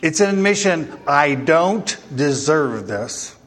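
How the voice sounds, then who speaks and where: Guy preaching a sermon, high voice, lots of asking the crowd questions, big echoey church sound. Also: lively intonation, takes it slowly, fairly bright tone. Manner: emphatic, with rhetorical questions to the congregation. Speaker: pastor. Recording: long hall reverb.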